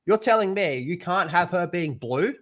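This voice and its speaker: A man's voice: sits high, animated, normal speed, fairly bright tone. A young man with an Australian accent, chatting crudely and swearing a lot on a live stream, laughing often. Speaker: streamer reviewing a TV show. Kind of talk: casual live-stream chat.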